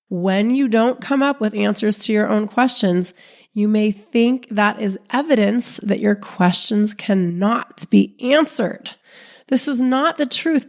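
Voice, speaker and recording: A woman relationship coach hosting her own podcast, talking calmly and steadily while sick, her voice sounding off from illness. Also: medium pitch. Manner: calm, steady, non-judgmental explaining. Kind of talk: solo podcast talk.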